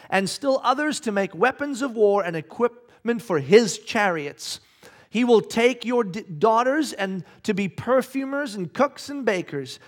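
A man preaching a sermon, reading scripture and shouting acted-out quotes with animated energy. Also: high voice. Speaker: pastor.

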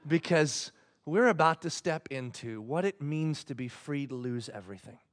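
A man voicing God in a sermon story, speaking softly, low and unhurried. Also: lively intonation, close to an everyday voice. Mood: gentle. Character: calm patient male God, speaking gently.

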